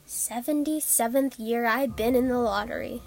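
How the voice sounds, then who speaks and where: A woman's voice: a little high, normal speed, darkish tone, soft background music. A woman doing a stubborn, grumbling old village man. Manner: stout, gruff delivery.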